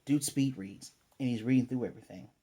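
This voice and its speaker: A man's voice: mid-range voice, fairly quick, warm tone. A man casually recapping an anime episode as a reviewer, rambling with lots of fillers and restarts.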